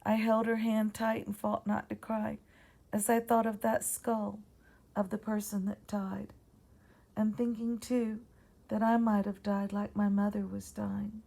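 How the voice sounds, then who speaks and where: A woman with a Southern accent reading her own ghost story aloud in a quiet, measured way. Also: medium pitch, level tone, gravelly.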